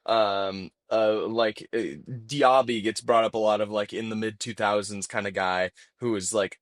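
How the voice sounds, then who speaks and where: A man speaks warmly and sincerely about a footballer, with many uhs and ums along the way. His voice sits fairly low and sounds dry and close to the mic. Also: steady tone, measured pace, hardly any pauses, dry recording. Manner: earnest, many fillers. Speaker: podcast co-host. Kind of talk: casual football chat.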